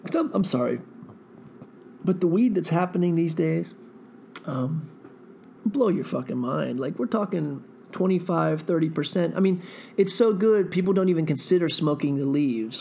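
A man's voice: fairly high pitch, lively intonation, moderate pace, creaky, a little mellow, slight background noise. A man rambling through a profane, meandering solo monologue, thinking aloud as a podcast host.

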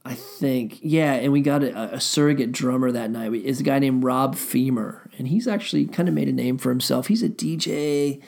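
A man's voice: mid-range voice, normal speed, creaky, few pauses, a little mellow. A middle-aged man and musician telling rambling stories in a casual way, full of fillers and swearing. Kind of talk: casual storytelling.

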